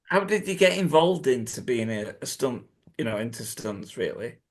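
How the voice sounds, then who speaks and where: A man's voice: medium pitch, big pitch swings, moderate pace. A man hosting a casual chat on a video call, stumbling and repeating words as he begins his questions. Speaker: host.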